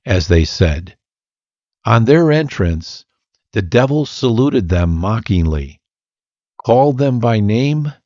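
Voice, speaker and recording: A man reads a devotional story aloud in a measured, solemn way. His voice sits low and his pace is very slow. The recording is dry with a slightly dull, muffled tone. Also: darkish tone, dry recording. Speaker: narrator. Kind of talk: reading a devotional tale aloud.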